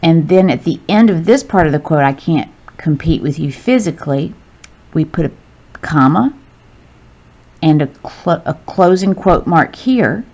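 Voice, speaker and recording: A woman's voice: sits low, darkish tone, highs cut off. A woman teacher patiently walking through a recorded grammar lesson step by step.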